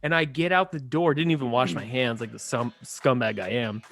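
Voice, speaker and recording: A young man on a casual podcast, telling a story with lots of swearing and acting out voices with big jumps in pitch. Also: fairly even intonation, fairly quick, gravelly, a bit bright. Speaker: podcast co-host.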